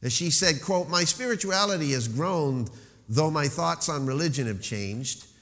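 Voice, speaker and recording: A man preaching a sermon as pastor, emphatic, slowing to stress key phrases and dropping into rhetorical questions. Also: on the high side, expressive, fairly bright tone, in a large hall.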